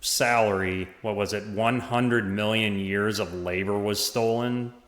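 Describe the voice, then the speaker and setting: A man talking as a podcast guest, in a halting way with many restarts and small laughs. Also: on the low side, steady tone, a bit bright. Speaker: podcast guest, former parish administrator. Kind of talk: casual conversation. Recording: roomy echo.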